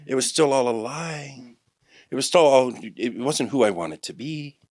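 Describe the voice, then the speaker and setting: A man in his forties telling his life testimony on a podcast, rambling with many restarts and turning animated when he quotes others. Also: mid-range voice, a little slow, no room sound, clean studio sound. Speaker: guest sharing a testimony.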